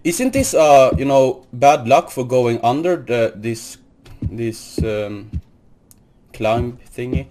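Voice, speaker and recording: A man with a medium-pitched, expressive, dark voice takes his time as he commentates a horror game playthrough for his gaming channel. Nervous and easily startled, he swears, repeats greetings, and keeps insisting he's not scared. A little hiss or hum is audible.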